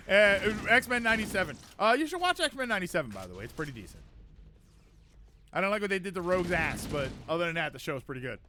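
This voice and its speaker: A man's voice: high voice, big pitch swings, a little fast, background noise. A man streaming gameplay live, chatting and joking with viewers while reacting aloud to the game.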